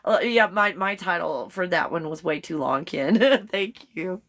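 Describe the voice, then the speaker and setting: A woman's voice: fairly low pitch, expressive, unhurried, fairly bright tone. Chatty woman hosting a live stream. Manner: chatty, reads viewer comments aloud, laughs often; spells out words letter by letter. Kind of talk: casual live stream chat.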